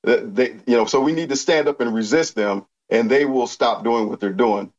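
A man's voice: medium pitch, normal speed, a little mellow, highs cut off. A man giving political commentary as a panel guest, hesitant with many fillers and restarts.

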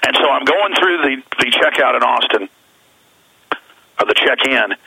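A man's voice: mid-range voice, expressive, measured pace, creaky, sharp tone, husky, no room sound, low-quality recording. A man with a Texan accent hosting a talk radio show over the phone from the road, rambling emphatically with many restarts. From Texas. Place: on the road, away from the studio.

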